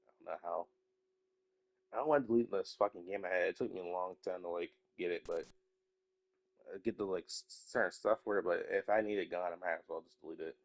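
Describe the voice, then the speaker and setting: A young man with a lowish voice rambles on in a loose, casual chat, swearing freely and sometimes sinking into a mumble. He sounds a little sick, with a stuffy nose. The recording is dry, with no room sound. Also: fairly quick, no room sound. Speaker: YouTuber.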